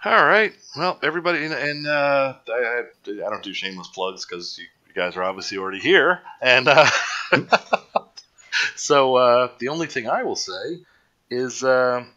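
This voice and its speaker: A man hosts a live online chat show, rambling and cracking jokes at his own expense. His voice is bright and forceful. The audio is a bit dull and lo-fi, like a home livestream. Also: mid-range voice, expressive, normal speed. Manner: rambling, jokey, self-mocking. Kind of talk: casual chat.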